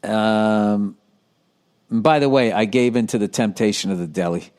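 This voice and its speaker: A man's voice: lowish voice, moderate pace, clean tone. Profane, rambling man hosting a podcast. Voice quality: profane, rambling, with sudden excited outbursts. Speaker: podcast host. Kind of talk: casual solo podcast monologue reading listener letters.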